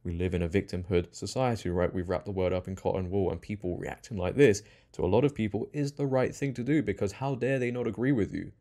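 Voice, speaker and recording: A man's voice: fairly low pitch, fairly even intonation, quick pace, hardly any pauses, dark tone. A young man hosting political commentary in a mocking, sarcastic tone. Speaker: commentary channel host.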